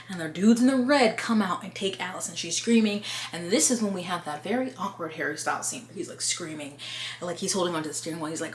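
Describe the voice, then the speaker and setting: A woman's voice: lowish voice, brisk, a bit bright. A young woman casually recapping a film in a chatty, rambling way, full of fillers. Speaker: video creator recapping a film. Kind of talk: casual chat. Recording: echoey room with faint hum.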